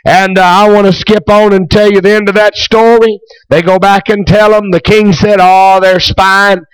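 Folksy preacher, dry sound. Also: male voice, high-pitched, fairly even intonation, normal speed, clean tone, no echo, rough recording. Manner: folksy, retells scripture in plain speech. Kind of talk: sermon.

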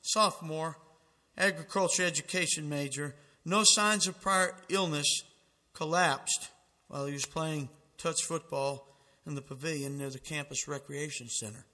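Male preacher, emphatic sermon delivery, bright tone, long reverb. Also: fairly high pitch, normal speed. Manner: fervent, emphatic preaching with dramatic quotations.

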